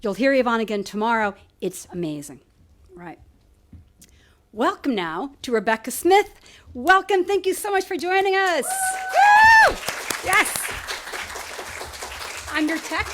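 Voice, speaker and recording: Una presentadora de evento bromista y juguetona, con la voz aguda que sube y baja mucho. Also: female voice, high voice, expressive, moderate pace, a faint crowd, a little hiss or hum. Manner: jokey, playful. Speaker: event host. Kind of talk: casual introduction.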